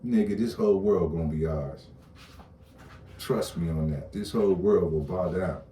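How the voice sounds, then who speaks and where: Blunt, profane man ranting, deep voice. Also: normal speed, dark tone, a little hiss or hum. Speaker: online commentator. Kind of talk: casual rant to camera. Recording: roomy echo, distant mic, faint ambience.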